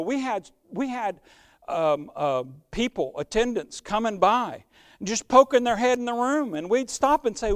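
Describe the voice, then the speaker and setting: An older man preaching a sermon testimony, telling his story with emphasis and swinging between loud declarations and hushed moments. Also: high voice, animated, normal speed, no room sound, clean studio sound.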